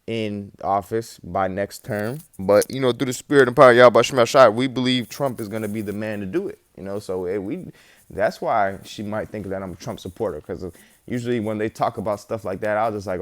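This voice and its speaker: A man's voice: fairly low pitch, fairly quick, no room sound. A man giving a casual spoken religious testimony, rambling and slangy, with lots of fillers and the odd swear word.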